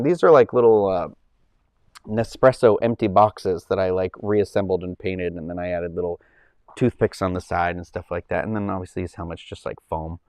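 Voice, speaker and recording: Man, livestream host, rambling casual chat, smooth voice, dry close sound. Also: fairly low pitch, no room sound. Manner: rambling, full of likes and ums.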